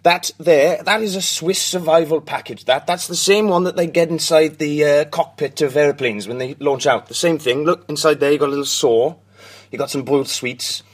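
A man's voice: fairly high pitch, normal speed, husky. An actor playing an eccentric, pushy male cobbler with salesman patter. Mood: proud. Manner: salesman patter, pointing things out. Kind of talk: comedy sketch acting.

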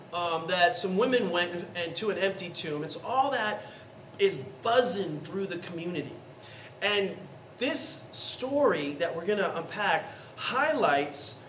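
A high-voiced man preaches to his congregation and talks to them like friends, telling the story with lively, casual energy. His voice rings through an echoey church hall, picked up from a little way off the mic. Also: recorded from a distance, slight background noise. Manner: conversational, animated storytelling with acted-out voices. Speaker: pastor. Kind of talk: sermon. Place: church sanctuary.

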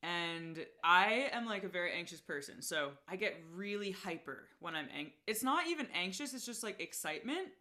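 A woman's voice: fairly low pitch, animated, moderate pace, few pauses, pushed and bright. A young woman in casual interview chat, talking about her podcast with lots of "like" and frequent laughs. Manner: chatty, lots of "like", laughs often. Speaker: podcast host as guest.

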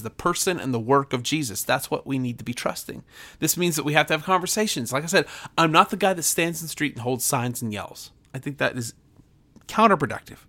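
A man's voice: medium pitch, pushed and bright. Earnest preaching man, emphatic. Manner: emphatic, repeats phrases, stumbles and restarts. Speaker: pastor and podcaster.

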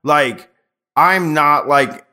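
A man hosting a podcast in casual chat, halting and blunt, full of fillers. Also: on the high side, animated, sharp tone. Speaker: podcast host.

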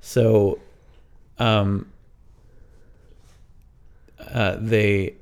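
A man's voice: fairly low pitch, little pitch movement, extremely slow, clean tone. A man co-hosting a podcast, improvising a bedtime story with hesitant, rambling asides and dry humor. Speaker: podcast co-host.

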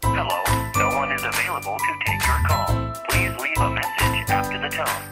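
Deep, flat voicemail voice put on by a woman, loud jingle music underneath. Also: moderate pace. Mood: deadpan. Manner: flat, announcement-like. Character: deep robotic answering machine voice.

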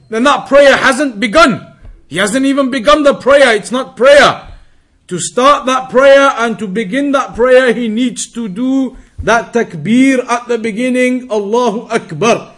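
A man teaching a religious lesson, reading Arabic text quickly and then explaining it slowly, drawing out words to demonstrate pronunciation. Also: extremely high pitch, a bit bright. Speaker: Islamic teacher.

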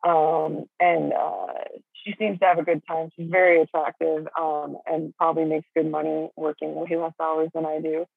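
A woman's voice: low voice, little pitch movement, moderate pace, creaky, husky, no echo. A middle-aged woman chatting casually as a caller, swearing and rambling with lots of fillers. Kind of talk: casual chat. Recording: phone line.

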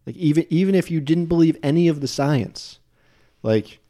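A man's voice: on the high side, expressive, normal speed, warm tone. A young man from New Jersey hosting a podcast in casual chat, rambling and restarting words as he goes. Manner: rambling, self-interrupting with repeated words. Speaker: podcast host.

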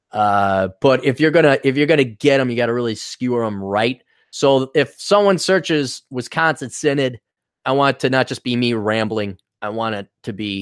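A man's voice: mid-range voice, no echo, studio quality. Rambling, irreverent podcast host, man. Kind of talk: casual rambling monologue.

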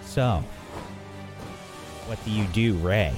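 Man narrating a fantasy game, slow. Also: on the low side, music in the background. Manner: dramatic, swears casually. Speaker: game master.

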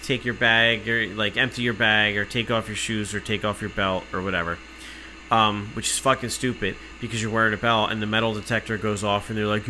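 A man's voice: on the low side, pushed and bright, a little hiss or hum. A man telling an angry, sarcastic story in casual chat, swearing freely. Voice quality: profane, sarcastic. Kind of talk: casual chat, ranting anecdote.

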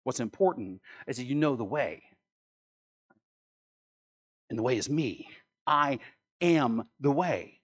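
A man's voice: medium pitch, animated, slow, pauses often, breathy edge. A man preaching a sermon as pastor, emphatic, repeating key words and asking rhetorical questions.

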